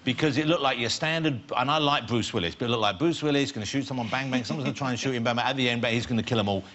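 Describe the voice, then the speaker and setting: A man's voice: medium pitch, a bit bright, dull audio, a little hiss or hum. A man hosting a late-night talk show, bantering playfully with his guests in a studio. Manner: quick, jokey, playful banter. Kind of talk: chatty late-night interviewing. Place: TV studio with live audience.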